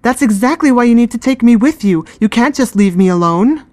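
A woman's voice: on the high side, sing-song, unhurried, husky, dry recording, voice pushed up, heavily acted. A woman voicing an anxious, stubborn teenage girl who pleads and insists, close to tears. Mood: pleading.

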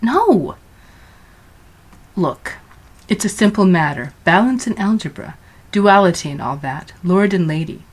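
Death himself, a suave and unbothered suitor, calm and dry in a storybook tale, as a woman narrator reads him. He talks matter-of-factly, unmoved by protest. The voice stays low and even for a woman. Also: a little slow, pauses often, slightly rough.

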